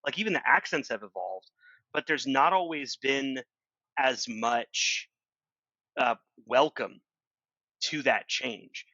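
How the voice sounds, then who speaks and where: A man co-hosting a podcast, speaking in a halting, stammering way while he muses about language. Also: medium pitch, expressive, sharp tone, dry recording. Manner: halting, stammering, quick to joke. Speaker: podcast co-host. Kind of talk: casual chat. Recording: dry, dull lo-fi sound.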